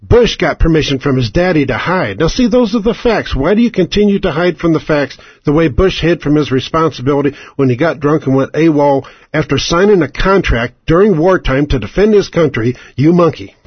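A man's voice: on the high side, lively intonation, brisk, few pauses, slightly rough, no room sound. A man hosting a radio show, ranting in a furious, profane, mocking way and firing off rhetorical questions. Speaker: radio host. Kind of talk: angry political radio rant. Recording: dry, dull lo-fi radio sound.

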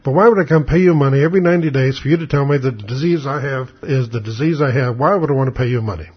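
Older man, husky voice, blunt and sarcastic, rambling storyteller, dull lo-fi recording. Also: mid-range voice, rapid-fire. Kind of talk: casual spoken monologue.

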